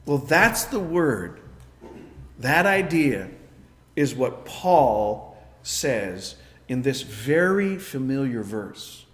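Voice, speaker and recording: A middle-aged man preaching a sermon, telling a story with lively acted-out voices and sound effects. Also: medium pitch, very slow, reverberant, a little hiss or hum. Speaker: pastor.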